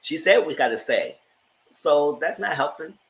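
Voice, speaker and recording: A man hosting a live TV review, giving sassy, animated commentary straight to his viewers. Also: fairly high pitch, moderate pace, low-quality recording. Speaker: TV review host.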